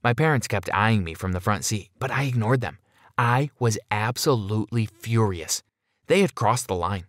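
A man narrating a first-person story in an expressive, dramatic way. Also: fairly low pitch, no echo, studio quality.

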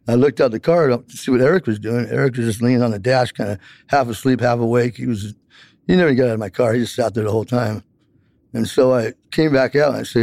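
A man's voice: mid-range voice, fairly even intonation, quick pace, darkish tone, no echo. A man telling a long personal account in an interview, rambling with many fillers.

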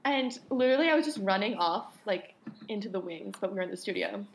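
A woman's voice: medium pitch, expressive, quick pace, slight background noise, rough recording. A young adult woman telling stories animatedly in a casual podcast chat, with heavy use of "like". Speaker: podcast co-host and ballet dancer.

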